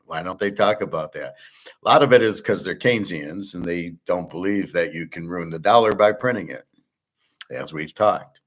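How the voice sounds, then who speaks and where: Man, middle-aged, lowish voice, casual rambling monologue, blunt, swears, restarts sentences. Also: moderate pace. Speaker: host. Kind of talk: casual monologue on money and markets.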